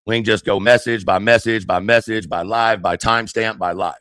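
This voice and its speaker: A man's voice: lowish voice, steady tone, brisk, a bit bright, dry recording, studio quality. An angry man ranting on his livestream, heated, profane and confrontational.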